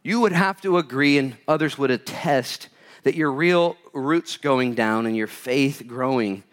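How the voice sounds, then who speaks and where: A man preaching a sermon as pastor to a live audience, swinging between loud urgent bursts and hushed quiet lines. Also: mid-range voice.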